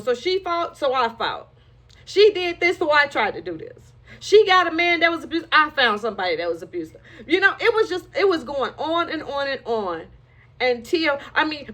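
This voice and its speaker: Woman w a high bright voice, opening up about her past, raw and candid. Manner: emotional, frank storytelling with rueful laughs. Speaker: storyteller sharing her life. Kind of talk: candid personal testimony.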